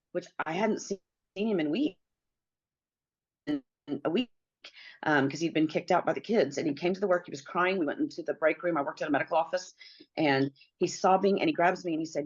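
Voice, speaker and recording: A woman's voice: low-pitched, animated, a little fast, lo-fi sound. A middle-aged woman, a guest in an interview, earnestly telling a personal story and acting out the dialogue she quotes.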